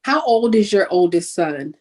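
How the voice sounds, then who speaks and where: Interview host, woman, slightly low voice, supportive and affirming. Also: lively intonation, unhurried, darkish tone. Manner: affirming, encouraging.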